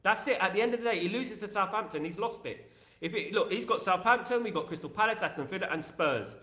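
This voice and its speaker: Hosting a fan live stream, a man talks fast in a high, bright voice, animated and opinionated, repeating himself often. A clear echo surrounds him, giving a roomy sound.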